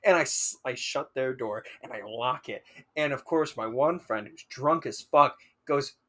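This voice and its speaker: A young man telling a story on a casual podcast, animated and swearing freely. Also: mid-range voice, unhurried. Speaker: podcast co-host.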